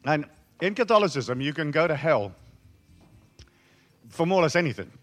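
A man's voice: on the high side, very animated, normal speed, a bit bright. A man raised in Africa giving a comic, profane, ranting spiritual talk to an audience. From raised in Africa, born in England. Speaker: speaker addressing an audience.

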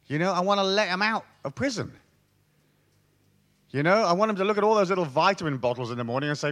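A man's voice: high-pitched, expressive, fast, a bit bright. A middle-aged man, a spiritual speaker joking with a live audience in a profane, storytelling way. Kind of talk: irreverent talk to a live audience.

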